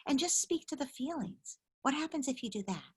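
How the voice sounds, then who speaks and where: A middle-aged parenting expert with a high-pitched voice speaks a little fast, her intonation lively. She hosts a video call-in session, coaching callers warmly and directly with empathy.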